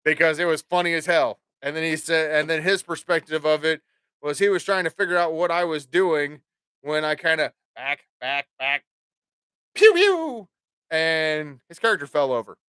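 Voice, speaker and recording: A man's voice: a little high, steady tone, normal speed, sharp tone, smooth, no room sound, clean studio sound. A man hosting his own podcast, rambling casually with plenty of swearing and jokes. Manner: profane, rambling, jokey. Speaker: podcast host.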